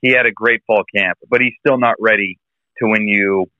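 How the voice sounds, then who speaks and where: A man's voice: lowish voice, steady tone, normal speed, no echo. A man calling in from a hotel room to a sports podcast, weighing in thoughtfully with some stammered restarts. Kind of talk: casual sports talk. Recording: tinny phone-like line.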